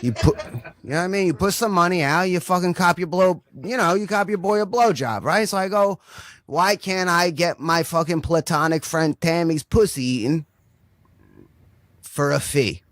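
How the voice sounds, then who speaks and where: A man's voice: high voice, moderate pace, a bit bright, dry recording. A man telling a long, crude comic story, rambling and profane, checking in with "right?" again and again.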